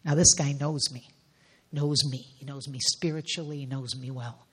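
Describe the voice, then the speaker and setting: Husky-voiced woman preacher, intense and hushed. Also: a bass voice, steady tone, moderate pace. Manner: intense, drops to near whispers. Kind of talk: emotional sermon testimony.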